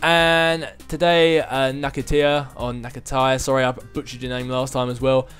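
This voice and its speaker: A man's voice: medium pitch, level tone, moderate pace, fairly bright tone, clear, resonant tone, soft background music. A man hosting his own gaming channel, answering viewer questions in a casual, chatty way and chuckling between thoughts.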